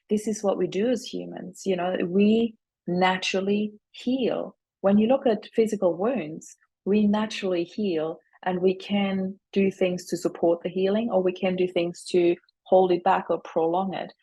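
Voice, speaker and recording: A woman's voice: medium pitch, fairly even intonation, moderate pace, warm tone, slightly rough, rough recording. A middle-aged woman speaking earnestly as a guest on an interview about grief, drawing on her own experience. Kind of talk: reflective interview answers.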